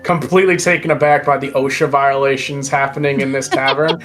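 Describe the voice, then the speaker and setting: A woman narrating as game master in a relaxed, hesitant way with fillers. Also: rumbling low, fairly quick, faint music behind.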